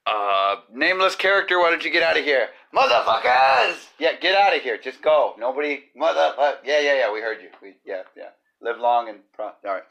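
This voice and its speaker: With a high-leaning, bright, forceful voice, this man hosts a comedy podcast from his kitchen at home while cooking goes on. His crude monologue wanders through profane jokes.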